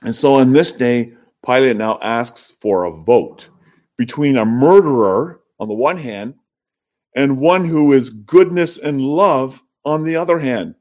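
A man's voice: medium pitch, lively intonation, a little slow, darkish tone. A man preaching a sermon as pastor, earnest and emphatic, lifting his voice when he acts out the crowds. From Canada.

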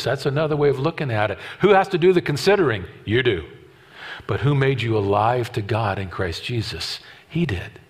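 A man in his fifties preaching a sermon, emphatic and repetitive, swinging from loud declarations to hushed asides. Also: medium pitch. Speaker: pastor.

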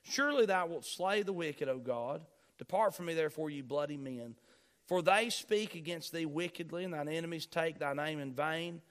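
A pastor preaching a sermon, reading scripture aloud and repeating key phrases with rising emphasis. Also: male voice, on the high side, moderate pace, a bit bright, smooth.

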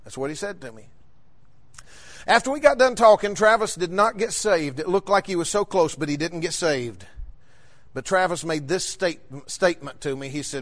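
A man preaching a sermon, telling a personal story and rising fervently to shouts on key points. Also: high-pitched, animated, moderate pace.

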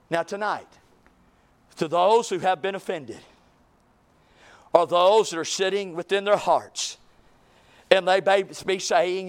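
High-pitched preacher man. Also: slow pace, long pauses. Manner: impassioned preaching, rising to shouts. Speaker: pastor. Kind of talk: sermon.

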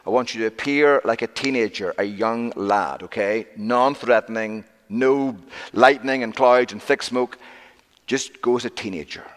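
A man voicing a gentle, commanding Lord who gives careful instructions in a hushed, earnest tone. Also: lowish voice, big-room sound, close to an everyday voice.

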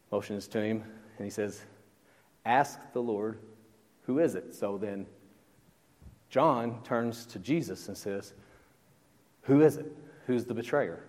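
A man's voice: fairly low pitch, big-room sound. A man preaching a sermon as pastor, in a conversational way that keeps asking the congregation questions. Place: church.

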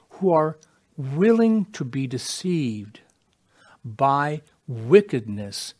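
Slow, fervent male preacher. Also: medium pitch. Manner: fervent, repeats phrases for emphasis. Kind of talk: sermon.

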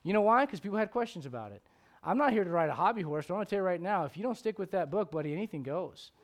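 A man preaching a sermon as pastor, swinging between loud emphatic questions and low, quiet asides. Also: expressive, rapid-fire.

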